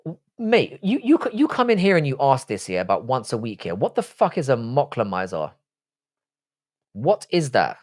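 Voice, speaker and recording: A man's voice: medium pitch, wildly swooping pitch, moderate pace. Profane, joking man hosting a stream. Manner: blunt, profane, joking banter. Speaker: livestream host. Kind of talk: casual live-stream chat reacting to viewer comments.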